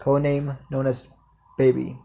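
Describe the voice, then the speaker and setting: A man's voice: medium pitch, completely flat delivery, normal speed, vocal fry, warm tone. A man narrating an improvised fan story, hesitant and full of fillers.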